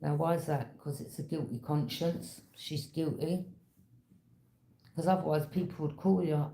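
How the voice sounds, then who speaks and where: A woman's voice: low voice, normal speed, vocal fry, dark tone. A woman giving a tarot reading in a casual, conversational storytelling manner, knowing and direct. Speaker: tarot reader. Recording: echoey room.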